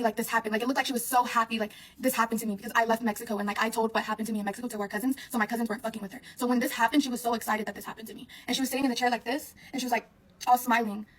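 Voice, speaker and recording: A young woman talks straight to her viewers in a fast, breathless rush. Her voice sits a little high, and her story keeps circling back on itself through constant "like"s and casual swearing. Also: fairly even intonation, fairly bright tone, slightly rough. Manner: rambling, heavy use of "like", frequent swearing. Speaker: vlogger.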